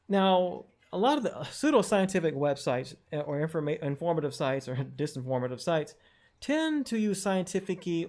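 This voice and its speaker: A man's voice: a little high, darkish tone. A man giving an online lesson on checking sources, skeptical and questioning, with frequent fillers and restarts. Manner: skeptical, questioning, reads quotes aloud with wry asides. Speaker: educator explaining online research. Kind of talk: screen-share tutorial talk.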